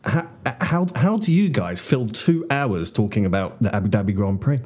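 A man hosting a podcast in casual chat, talkative and quick to laugh. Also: on the low side, expressive, a little mellow. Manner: chatty, laughs often, with filler restarts. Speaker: podcast host.

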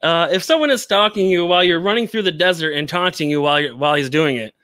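A man's voice: fairly high pitch, quick pace, fairly bright tone, no echo, clean studio sound. A man hosting a casual movie podcast, laughing often and using many "uh" fillers. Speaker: podcast host. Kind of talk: casual movie review chat.

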